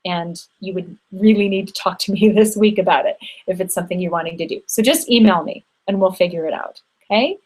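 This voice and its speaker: A woman of middle age closes a live online women's circle, her tone affectionate and encouraging. She talks into a computer mic with frequent ums at a middle pitch. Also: a little fast, a little mellow, low-quality recording. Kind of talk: warm closing remarks to a live online group.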